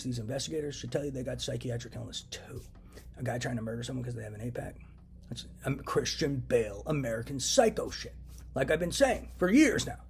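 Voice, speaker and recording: Fast, agitated ranting young man. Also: fairly high pitch, a little mellow, a little hiss or hum. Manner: agitated, profane, repetitive ranting. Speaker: vlogger. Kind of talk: solo rant to camera. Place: indoors, at home.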